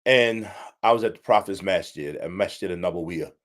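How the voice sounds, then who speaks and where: Heartfelt, low-voiced man telling a story. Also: brisk, a bit bright. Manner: heartfelt, repetitive, addresses listeners directly. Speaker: podcast host. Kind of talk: emotional personal storytelling.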